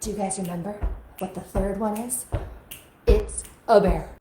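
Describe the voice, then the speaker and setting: A woman's voice: mid-range voice, steady tone, normal speed, mellow, a little hiss or hum. A young woman teaching a kids' music lesson on a live stream, coaxing children to join in with motions. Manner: upbeat, coaxing, talks to kids with motions. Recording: echoey room with faint music.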